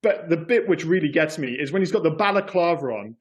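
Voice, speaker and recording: A man's voice: on the high side, fairly quick, highs cut off. A man co-hosting a film podcast, talking enthusiastically in casual chat, swearing freely and acting out lines. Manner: enthusiastic, swearing, animated storytelling. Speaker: podcast co-host.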